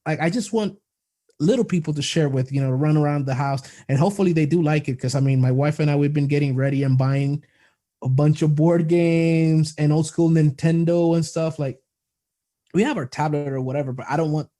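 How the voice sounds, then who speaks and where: A young man chatting as a podcast guest, telling lively stories and laughing often. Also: fairly high pitch, brisk. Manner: enthusiastic storyteller, laughs a lot, animated quoting of others. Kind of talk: casual interview chat.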